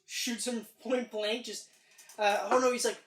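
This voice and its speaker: A woman co-hosting a casual film review podcast, excitable and profane, acting out scenes as she goes. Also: a little high, a little slow. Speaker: podcast co-host. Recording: roomy, distant mic.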